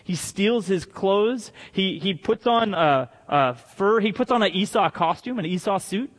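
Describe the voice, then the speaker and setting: A man preaching a sermon to a congregation, telling a story in a lively way with joking asides. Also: sits high, measured pace. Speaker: pastor. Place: church hall with congregation. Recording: long reverb of a large hall.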